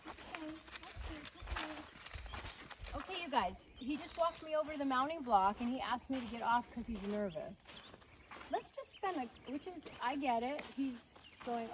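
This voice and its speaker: A woman horse trainer teaching riding outdoors, coaxing her horse with soft baby talk and explaining to viewers. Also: a little high, noisy background. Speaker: holistic veterinarian and horse trainer. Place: outdoors at a rural horse farm. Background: birds and outdoor ambience.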